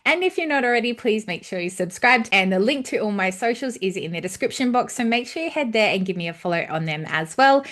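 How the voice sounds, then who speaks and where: A woman's voice: medium pitch, lively intonation, quick pace, few pauses, fairly bright tone. A woman in her thirties giving a blunt, ranting movie review who swears freely. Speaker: film reviewer. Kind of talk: casual spoken movie review.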